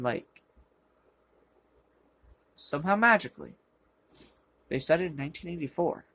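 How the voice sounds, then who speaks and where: A film reviewer ranting through a sarcastic movie review, exasperated and prone to loud outbursts, with a voice they call rough, recorded on a low-quality camera. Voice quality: self-described rough voice.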